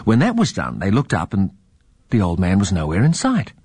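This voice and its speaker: A man reading a children's story aloud in a lively, expressive way. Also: low voice, normal speed, breathy edge, no echo.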